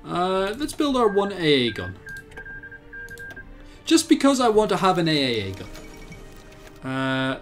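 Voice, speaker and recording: A young man with an Irish accent talks through a strategy game in a casual let's-play. His slightly high voice swings widely up and down as he thinks aloud, laughing often and breaking into excited outbursts. Faint music plays underneath. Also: measured pace, long pauses. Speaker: game commentator.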